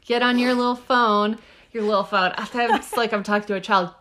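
A woman guest expert in casual podcast chat, excitable and quick to laugh and exclaim. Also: on the high side.

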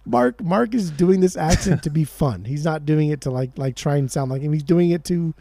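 Casual podcast co-host, male, mellow and a bit high, excitable, swears a lot, dry close sound. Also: moderate pace, creaky, dry recording. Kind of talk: casual chat.

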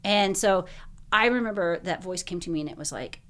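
A woman guest telling a personal story in conversation, animated and full of "like", acting out what people said. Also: lowish voice, fairly quick. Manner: animated retelling, acts out quoted speech, frequent "like".

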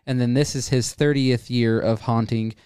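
A man's voice: medium pitch, steady tone, moderate pace, darkish tone, clean tone, dry recording, clean studio sound. A man in his thirties telling haunt stories in a rambling, profane way full of fillers and restarts. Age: 30s. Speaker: haunted attraction actor. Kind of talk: casual storytelling interview.

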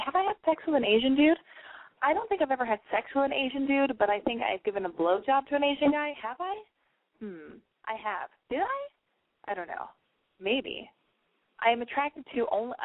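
A woman's voice: medium pitch, no room sound. Tipsy, brash woman radio host. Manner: brash, profane and animated. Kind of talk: casual advice call-in show. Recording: dry, phone-like lo-fi sound.

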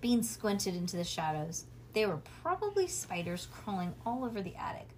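A woman reading a children's storybook aloud in a casual, lively way with small slips. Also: mid-range voice, normal speed, hardly any pauses, slight background noise. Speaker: reader.

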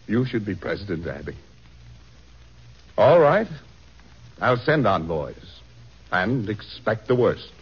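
A man's voice: on the low side, expressive, slow pace, pauses often, husky, exaggerated voice. A man playing a doubtful, weary president in a vintage radio drama. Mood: troubled. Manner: brooding, doubtful. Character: troubled, weary president, middle-aged. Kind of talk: 1940s radio acting. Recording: dull old radio recording.

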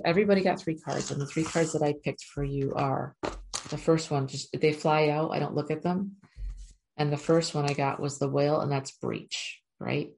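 A woman with a low, slightly mellow voice speaks as a spiritual coach, reading oracle cards for her viewers. Her motivational talk is earnest and repetitive, and she often asks "right?"

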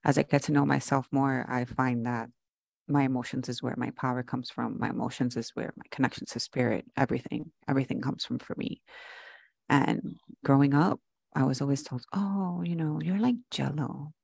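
A woman co-hosting a casual podcast, talking in an expressive, animated way and swearing casually. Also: very deep voice, a little fast, gravelly, no echo, clean studio sound. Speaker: podcast co-host.

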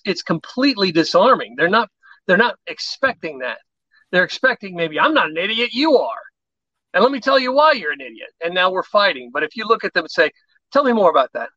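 High, bright-voiced man explaining conversation tactics. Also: dry recording, muffled recording. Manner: animated storyteller, acts out quoted exchanges. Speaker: podcast guest. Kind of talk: conversational advice on persuasion.

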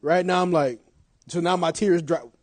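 A middle-aged male pastor preaching a sermon, telling stories with big swings from shouting to hushed confession. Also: on the high side, normal speed.

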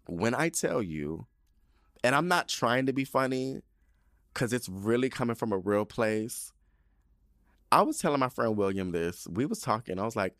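A man hosting a casual solo podcast, sassy and animated, using slang and swearing, often jumping into high excited bursts. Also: measured pace, no echo, clean studio sound. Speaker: podcast host.

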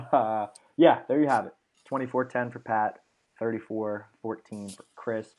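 A man's voice: medium pitch, steady tone, unhurried, darkish tone. A young man hosting a sports podcast, chatting casually and reeling off stats with lots of fillers. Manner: enthusiastic, rattles off stats with fillers. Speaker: podcast host.

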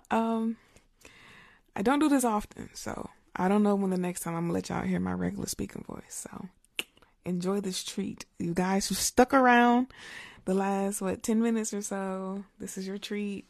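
Young woman ASMR creator, slightly hoarse, gravelly edge, loose chatty delivery, close studio mic. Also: medium pitch, measured pace, a little mellow. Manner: chatty, rambling, reads viewer comments aloud and laughs often. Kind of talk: casual livestream chat in her regular voice. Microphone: studio mic with pop filter.

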